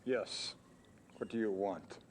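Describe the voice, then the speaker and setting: An actor playing a grumpy, hostile man who is owed money, speaking gruffly and curtly in a game recording with faint noise. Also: on the low side, slow pace.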